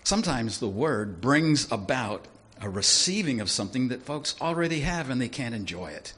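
A man preaching a sermon in a lively, conversational way, often asking his listeners questions. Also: mid-range voice, normal speed, husky. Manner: animated, conversational, asks the audience questions.

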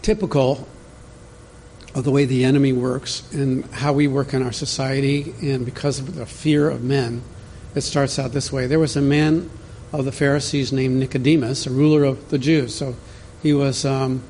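Male pastor, mid-pitched and warm, easygoing conversational sermon delivery. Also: little pitch movement, normal speed, slight background noise. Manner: conversational, teaching from an outline, talks directly to the congregation.

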